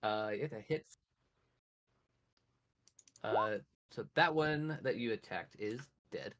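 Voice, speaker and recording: A man's voice: on the low side, slow pace, a bit bright. A man running a tabletop game as game master, chatty and loose, often laughing.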